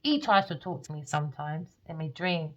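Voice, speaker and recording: A woman who reads tarot, telling dream stories in a blunt, animated way and swearing freely. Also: low-pitched, moderate pace, poor audio. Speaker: tarot reader. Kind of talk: casual storytelling monologue.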